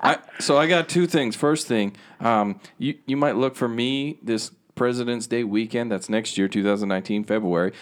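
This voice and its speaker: A man's voice: mid-range voice, moderate pace, hardly any pauses. A man co-hosts a casual podcast chat. He jokes freely and sounds loose, with his words slightly slurred. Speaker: podcast co-host.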